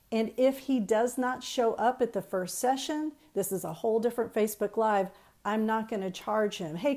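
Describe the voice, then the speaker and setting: A woman coaching counselors on a live stream, chatty and emphatic, repeating key points and greeting viewers as she goes. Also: a little high. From Texas. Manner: energetic, chatty, greets viewers mid-talk. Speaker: counseling trainer.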